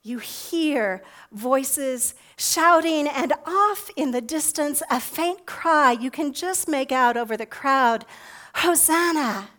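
A woman pastor giving a sermon, gently leading listeners through an imagined scene. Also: high voice.

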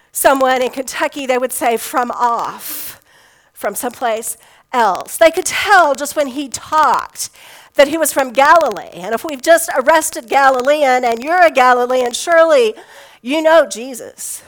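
A woman pastor delivers a sermon in a slightly high voice. She talks like she is telling a story to friends, easygoing and conversational, and slips in homespun humor. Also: expressive, measured pace, poor audio.

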